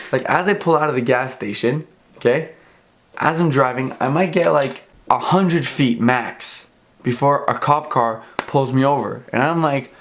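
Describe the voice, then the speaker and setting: A young man tells a story to camera in a casual, animated way. He swears freely and acts out both sides of the exchange, and his voice sits at a middling pitch. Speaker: vlogger.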